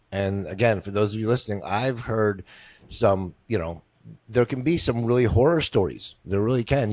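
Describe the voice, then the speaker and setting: A man with a somewhat low voice hosts an interview in a relaxed, conversational way. He circles back on his words and piles up rhetorical questions as he explains. The recording is dry and close, with little room sound. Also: no echo. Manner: conversational, many restarts and asides, rhetorical questions. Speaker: interviewer, podcast host. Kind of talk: casual interview talk.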